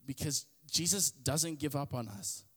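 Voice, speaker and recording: A man's voice: measured pace, a bit bright, husky, in a large hall. A man giving a casual sermon on a podcast, talking conversationally and acting out quotes in changing voices. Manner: conversational, acts out quotes with shifting pitch. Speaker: podcast host preaching.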